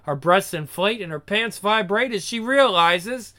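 A reader reading an absurd comic aloud, playful and deadpan. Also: mid-range voice, unhurried.

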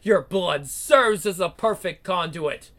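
Reading a comic book aloud, a woman with a lowish voice plays a cruel, seductive vampire queen, gloating in a slow, taunting, theatrical delivery punctuated by growls.

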